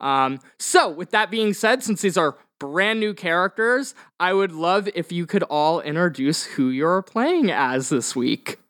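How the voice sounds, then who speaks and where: A man's voice: sits high, animated, a little slow, hardly any pauses, a bit bright, no room sound, studio quality. A man hosting a tabletop role-playing podcast as game master, chatty and upbeat, speaking with a slight lisp from vampire teeth. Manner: chatty, upbeat, rambling with many fillers.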